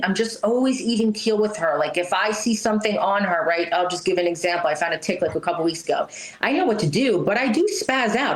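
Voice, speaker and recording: Blunt chatty woman in an echoey room. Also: mid-range voice. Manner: blunt, chatty, many fillers like "right?" and "you know". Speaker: pet health and wellness guest. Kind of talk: casual interview talk.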